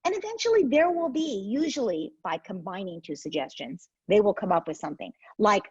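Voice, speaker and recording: A woman's voice: medium pitch, sing-song, a little fast, slightly rough, no echo, lo-fi sound. A woman, a parenting expert guest, explains her method in an interview and acts out what parents and children say.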